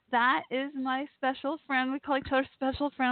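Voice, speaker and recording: A woman's voice: high-pitched, a little fast, hardly any pauses, dry recording. Effusive woman hosting a call-in show. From Texas. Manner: effusive, gushing, laughs often. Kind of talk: live call-in show chat. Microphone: home setup. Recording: tinny phone-like line.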